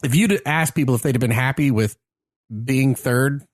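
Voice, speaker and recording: A man talks sports in loose, rambling podcast banter, often restarting his sentences. His voice sits in an ordinary middle pitch. The sound is dry and close, with no room echo. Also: normal speed. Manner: rambling, animated sports opinions with many restarts. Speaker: podcast co-host. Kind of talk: casual chat.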